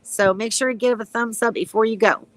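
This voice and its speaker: A woman in her sixties, a retired nurse, chatting casually on a live stream from her backyard, with a stuffy, runny nose, clearing her throat and chuckling. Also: a little high, fairly even intonation, brisk, low-quality recording. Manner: chatty, reads out comments, frequent ums and chuckles.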